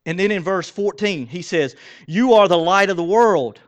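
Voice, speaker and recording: A man preaching a sermon in a church, conversational and animated, with self-deprecating asides. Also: high-pitched, moderate pace. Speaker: pastor. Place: church sanctuary.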